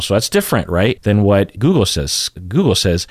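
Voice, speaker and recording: A man's voice: lowish voice, very animated, normal speed, few pauses, dry recording, studio quality. A man hosting a casual explainer video, thinking aloud, repeating a word again and again and chuckling at himself. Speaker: YouTube host explaining pronunciation.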